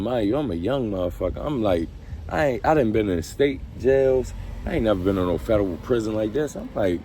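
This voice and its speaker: Low-voiced man telling a profane story. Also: mellow, slight background noise. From Baltimore. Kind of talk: casual storytime.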